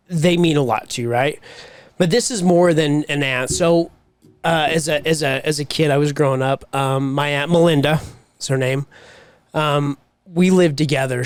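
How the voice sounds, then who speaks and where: A man co-hosting a podcast, talking earnestly in casual chat with many pauses and fillers. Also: fairly high pitch, clear, resonant tone, no room sound. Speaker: podcast co-host.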